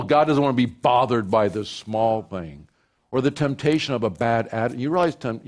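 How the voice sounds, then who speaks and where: A male pastor delivers a sermon that shifts between quiet, reflective talk and loud, high-pitched, animated stretches where he acts out imagined prayers.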